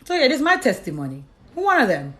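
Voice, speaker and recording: A woman's voice: huge pitch swings, fast talker, fairly bright tone. A woman giving a casual, emphatic and profane monologue, telling her life testimony to an audience. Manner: emphatic and profane, acts out conversations with God in lower tones. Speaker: storyteller sharing her testimony.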